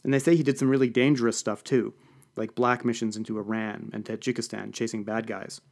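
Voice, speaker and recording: A man's voice: lowish voice, level tone, a little fast, creaky, darkish tone. A man voicing a confident, gossipy woman lobbyist who hosts a party. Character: woman lobbyist party host, knowing and chatty.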